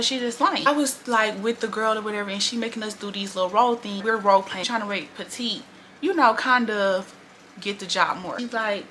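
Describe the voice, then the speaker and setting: A woman recounts a workplace story straight to her viewers in loose, profane storytime chat. Her voice is bright and edged, and her delivery stays blunt and animated. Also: medium pitch, a little hiss or hum. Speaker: storytime vlogger. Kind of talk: casual storytime monologue.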